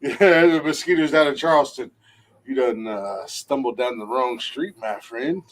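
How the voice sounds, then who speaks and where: A man's voice: mid-range voice, normal speed, slight background noise. A man, cohosting a casual comedy chat, joking crudely and laughing often. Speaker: podcast co-host.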